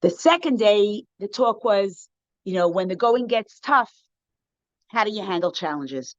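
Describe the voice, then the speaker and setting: A woman rebbetzin giving an inspirational talk to a women's circle over a video call, telling a story in an animated way with frequent "you know"s and restarts. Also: medium pitch, unhurried, dry recording. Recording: dull, dry video-call audio.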